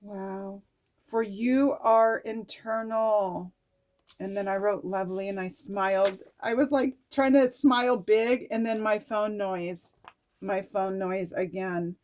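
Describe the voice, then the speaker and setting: In a steady, slightly mellow mid-range voice, a woman slowly reads oracle cards and her journal entries aloud. It's a personal, reflective talk, emotional and musing, with casual swearing here and there.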